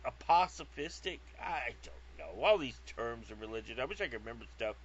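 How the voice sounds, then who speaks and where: A man's voice: medium pitch, expressive, fairly quick, slightly rough. A man from California telling a rambling, comic story, digressive, profane and self-mocking, recorded on a lo-fi track. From California, USA. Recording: lo-fi dull sound.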